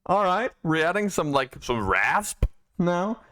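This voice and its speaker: A man giving casual, rambling reaction commentary on an album, pausing often and restarting his sentences. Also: high voice, big pitch swings, sharp tone. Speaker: music reaction YouTuber.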